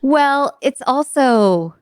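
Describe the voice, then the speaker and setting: A woman's voice: sits high, expressive. Candid woman podcast host. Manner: quick, candid, thinks aloud with fillers. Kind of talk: casual interview chat.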